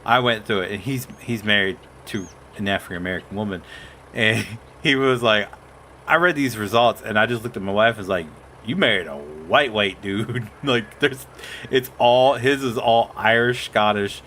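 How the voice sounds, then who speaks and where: A man's voice: on the low side, moderate pace, pushed and bright, slight background noise. A man hosting a casual gaming stream, telling a rambling story and quoting family members. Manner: rambling storyteller, quotes others. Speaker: streamer host.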